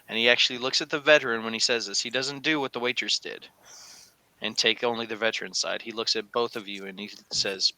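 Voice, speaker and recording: A man's voice: mid-range voice, brisk. A man running a tabletop game as game master, narrating scenes with lots of fillers. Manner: animated storytelling with frequent fillers.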